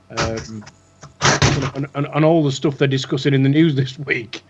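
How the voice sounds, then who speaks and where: A man's voice: mid-range voice, measured pace, very noisy. A man co-hosting a casual chat show, rambling and chatty with plenty of fillers. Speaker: co-host. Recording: dull lo-fi online call audio.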